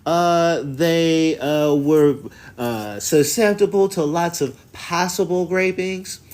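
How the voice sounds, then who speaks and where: A man lifts his voice into a high, fussy falsetto to play a prim woman scholar. She halts and hems between words, with uhs and ums breaking every phrase. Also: darkish tone. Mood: mocking. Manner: hesitant, halting with ums and uhs.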